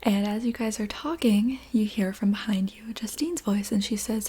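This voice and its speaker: A woman narrating a guided visualization in a whispered role-play, soft and meandering, with many fillers. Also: medium pitch, moderate pace, husky. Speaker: ASMR storyteller.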